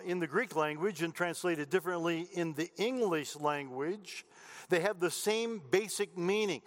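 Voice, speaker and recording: A man preaching a sermon as pastor, folksy and chatty, mixing jokes and asides into Bible teaching. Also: high voice. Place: church sanctuary. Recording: long reverb of a church hall.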